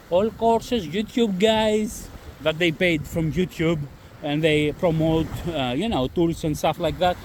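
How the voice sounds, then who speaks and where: A man's voice: high voice, slow pace, darkish tone. A man with a non-native accent talking bluntly about trading risk, repeating himself and swearing, with faint wind noise behind. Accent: non-native English. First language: not English. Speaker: trading channel host. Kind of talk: casual talk to camera-less audience.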